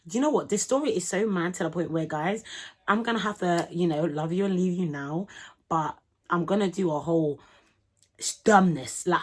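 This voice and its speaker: Young woman, low husky voice, lively slangy storytime vlog. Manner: animated, slangy storytelling with acted quotes. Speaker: vlogger.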